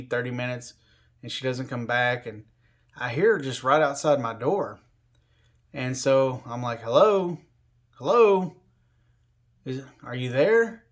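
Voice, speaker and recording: A man recounting a personal experience in a loose, rambling way, with plenty of "you know" and "like." His voice sits at a middling pitch for a man. The delivery is everyday and unpolished. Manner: rambling, filler-heavy, conversational. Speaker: storyteller. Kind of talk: casual spoken storytelling.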